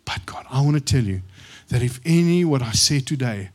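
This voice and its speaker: A man preaching a sermon. He moves from slow, quiet scripture reading to loud, excited storytelling. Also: mid-range voice. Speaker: pastor.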